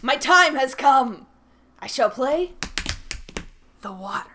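A woman doing a grandiose, high-voiced dancer. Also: lively intonation, slow pace, bright, forceful tone, slight background noise, heavily acted. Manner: grandiose, declaiming. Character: dramatic young woman performing a water dance.

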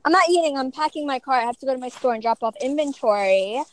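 A pregnant woman co-hosting a podcast in casual chat, talking loudly and bluntly and swearing freely, out of breath as she packs her car. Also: high-pitched, expressive, quick pace, dry recording, poor audio. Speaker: podcast co-host.

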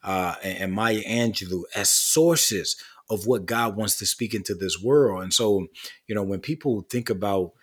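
Husky-voiced man, low and earnest. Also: normal speed. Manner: earnest, builds long lists with rising emphasis. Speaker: guest author. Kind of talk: casual interview conversation.

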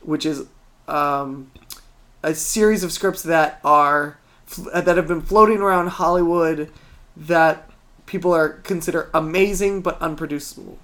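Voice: medium pitch, a little slow, fairly bright tone. A podcast co-host chatting casually, swearing freely and rambling from point to point. Frequent ums and restarts fill the gaps. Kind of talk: casual chat.

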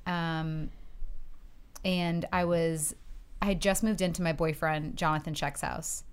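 A middle-aged woman telling an embarrassing story in a casual podcast chat, animated and giggly, acting out her own quotes. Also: sits low, a little slow, smooth. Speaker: podcast guest.

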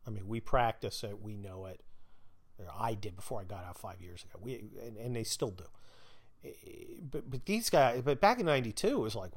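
A man's voice: on the low side, expressive, brisk. A man in his fifties telling a story in casual, blunt, profane talk and acting out the people he quotes. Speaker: podcast host.

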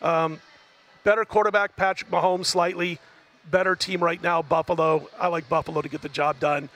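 A man giving analysis as a guest on a sports betting talk show, measured and analytical. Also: on the high side, flat delivery, fairly bright tone.

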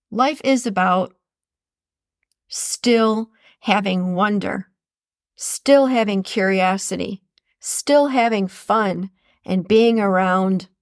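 Earnest woman giving a pep talk on her podcast, bit of vocal fry, keeps repeating herself. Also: mid-range voice, dry recording, studio quality. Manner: earnest, repeats phrases for emphasis. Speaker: podcast host. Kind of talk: motivational monologue.

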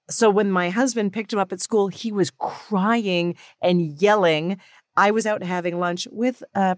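A woman in her thirties hosting a podcast, telling a personal story in a casual, animated and candid way, with some swearing. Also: on the low side, no room sound, studio quality. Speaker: podcast host. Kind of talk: casual monologue.

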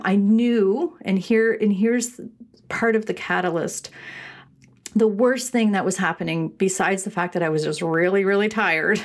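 A middle-aged woman from Canada hosting a casual solo podcast, talking in a rambling way with restarts and laughs. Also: medium pitch. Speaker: podcast host and shop owner.

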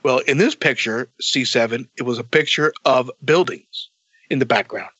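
A man telling a long story in a casual, animated way, swearing a lot and acting out both sides of the dialogue. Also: medium pitch, normal speed, breathy edge, dull audio.

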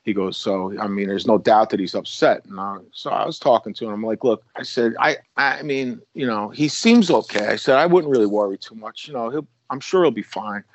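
A man's voice: fairly low pitch, a little fast, hardly any pauses, dull audio. A man, a former police officer, casually telling a long story with many restarts and acted-out quotes. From United States.

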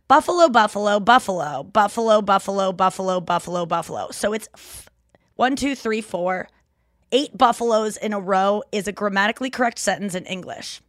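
A woman, co-hosting a podcast in casual, animated, rambling chat with frequent laughs. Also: mid-range voice, no room sound, studio quality. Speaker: podcast co-host.

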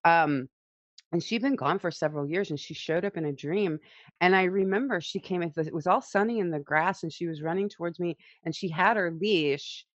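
Low-pitched woman guest, chatty and emotional; dry, muffled audio. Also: brisk, no room sound. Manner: emotional, laughs often, tells stories. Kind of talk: casual conversation.

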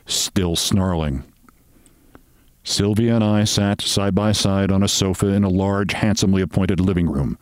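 A man, the show's host, reading a story aloud in a wry, deliberate storytelling manner. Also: lowish voice, a little mellow, clean tone, dry recording, studio quality. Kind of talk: storytelling narration.

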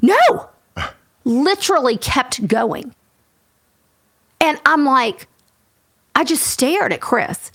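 A woman co-hosting a podcast, telling a story in a lively casual way and acting out what everyone said. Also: high-pitched, dry recording, studio quality. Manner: animated, fast, acts out everyone's lines. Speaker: podcast co-host.

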